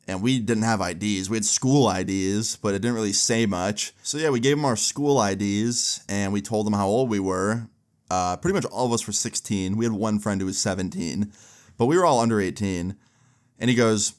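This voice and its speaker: A man's voice: lowish voice, moderate pace. A young man casually telling a story, animating the other people's lines as he goes. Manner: animated, acting out the voices of others in the tale.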